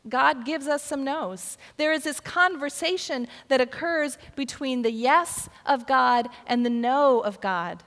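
A woman's voice: sits high, unhurried, hardly any pauses, fairly bright tone. An older woman preaching a sermon, telling a personal story and often repeating words as she restarts. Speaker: pastor. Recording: long reverb of a hall.

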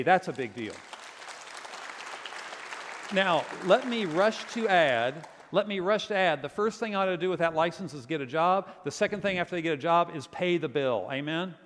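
A man from Virginia, a pastor preaching a sermon and telling stories with lively quoted voices. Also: a little high, in a large hall.

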